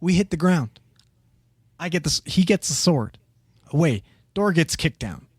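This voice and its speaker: A man's voice: on the high side, moderate pace, husky, no room sound, studio quality. Swearing man telling a wild story. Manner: profane, animated, acts out quotes. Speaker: podcast co-host telling a story. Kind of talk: casual storytelling chat.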